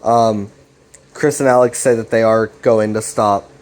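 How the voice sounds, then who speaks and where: A man's voice: fairly low pitch, fairly even intonation, unhurried, darkish tone. A young man casually recapping a web series, retelling the dialogue loosely with fillers and restarts.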